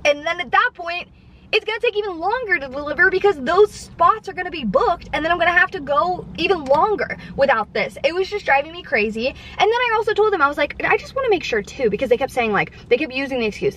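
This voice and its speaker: A woman sits in her parked car and vents a storytime to her camera. Her voice is high and lively, jumping up and down as she acts out what everyone said, exasperated the whole way through. A faint car hum sits under her talk. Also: fast talker. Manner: exasperated, animated retelling with quoted dialogue. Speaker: vlogger. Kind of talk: casual storytime chat. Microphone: camera mounted in car.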